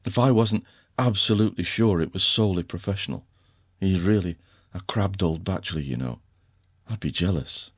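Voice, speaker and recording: A man's voice: sits low, normal speed, no room sound, studio quality. A male narrator voicing a teasing, affectionate young husband with a wry, fond way of talking.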